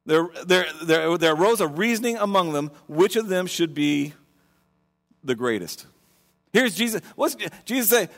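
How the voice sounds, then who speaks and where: A man preaches in a loose, animated style, often restarting his phrases. His voice sits fairly high for a man, and his words trail off into the long reverb of a large hall. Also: normal speed. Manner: conversational and animated, many restarts. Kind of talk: sermon.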